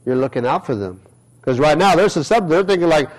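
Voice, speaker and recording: A man's voice: fairly high pitch, animated, fast talker, rough recording. A middle-aged male pastor giving a conversational sermon, acting out everyday quotes as he preaches.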